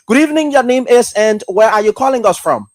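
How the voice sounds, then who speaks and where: A man hosting a live call-in radio show, speaking in a measured, halting way full of fillers. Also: very high-pitched, lively intonation, no echo. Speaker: radio talk show host.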